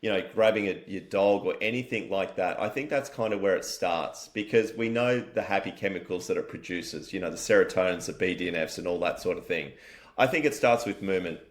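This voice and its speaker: Low-voiced and a little fast, an Australian wellness company founder gives an energetic, mate-to-mate interview as a guest, with casual swearing along the way.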